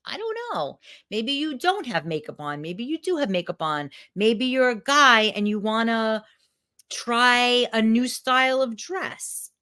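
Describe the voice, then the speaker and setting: A woman's voice: fairly high pitch, lively intonation, unhurried, sharp tone, clean tone. A woman talking frankly to viewers in a live video, telling a personal story and swearing freely as a coach.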